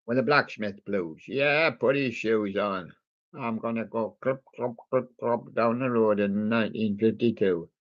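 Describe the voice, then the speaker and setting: A man hosting a livestream, chatting slowly and jokily as he reads out a list of old songs, with many ums and rambling asides. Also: on the low side, lo-fi sound. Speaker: livestream host reading out a music playlist. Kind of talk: casual running commentary between old songs.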